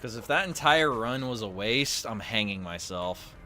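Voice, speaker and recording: Speaking over music at a moderate pace, a gaming host with a lowish, expressive voice delivers casual, crude and sardonic commentary while playing at his desk mic.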